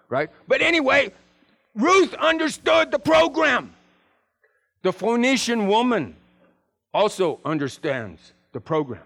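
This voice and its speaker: A man preaching a sermon in an animated way, acting out biblical figures with big swings in his voice. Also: on the high side.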